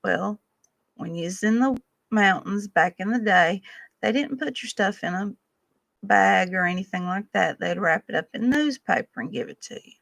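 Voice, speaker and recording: A woman telling homespun, funny stories. She speaks in a gravelly voice with a folksy, drawn-out delivery. The sound is dry and close to the mic. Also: medium pitch, a bit bright, no echo. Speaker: storyteller vlogger. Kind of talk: casual storytelling.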